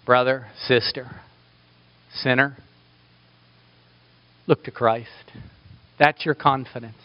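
A man's voice: mid-range voice, steady tone, slow pace, no echo, dull audio. A man preaching a sermon with passion, building to emphatic peaks. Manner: impassioned, rising to emphatic peaks.

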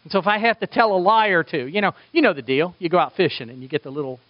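A male pastor preaches with animated emphasis, pushing lines up and then dropping to near-quiet. His voice sits somewhat high. The recording is dull and lo-fi with a dry, close sound. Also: racing, no echo. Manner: animated, rising emphasis and sudden soft drops. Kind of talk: sermon.

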